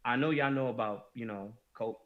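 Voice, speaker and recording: A man's voice: medium pitch, normal speed. Emphatic man on a dull, lo-fi podcast. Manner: emphatic, restarts sentences often. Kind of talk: casual podcast discussion.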